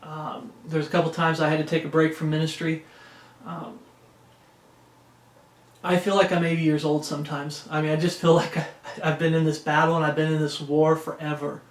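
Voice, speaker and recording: Male preacher, conversational Bible-study delivery with scripture readings, slightly high pitch, echoey room. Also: flat delivery, moderate pace. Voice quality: conversational, frequent "uh" and "okay?" check-ins. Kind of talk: informal sermon with scripture reading. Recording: roomy echo.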